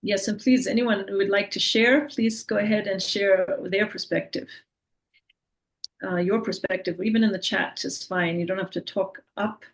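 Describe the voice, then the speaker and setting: A woman giving an online talk as the speaker, relaxed and full of fillers and restarts, on a video call. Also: medium pitch, normal speed, poor audio.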